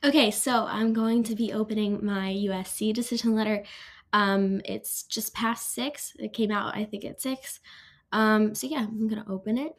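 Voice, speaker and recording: A young woman in her late teens vlogs while opening her college decisions, talking casually to the camera. Her voice is mid-range with fairly even intonation and a moderate pace. She chats away, filling her walkthrough of each step with ums.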